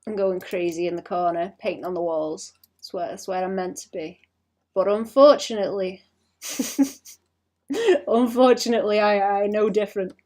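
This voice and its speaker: A woman's voice: lowish voice, level tone, brisk, few pauses, mellow. Rambling British woman streaming her art. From Britain. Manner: rambling, self-mocking, often trails off to mutter. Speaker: streaming artist. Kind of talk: casual stream chat while drawing.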